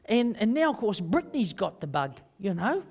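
A man with a New Zealand accent preaching a sermon, rambling and emphatic, swinging between loud and quiet. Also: high voice, big pitch swings, moderate pace, slightly rough. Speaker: pastor.

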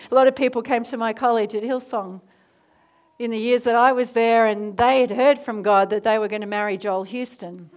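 A woman preacher in her thirties, with a slightly high voice and moderate pace, leads a prayer in a sermon. She then tells her story with lively asides and soft, near-whispered moments.

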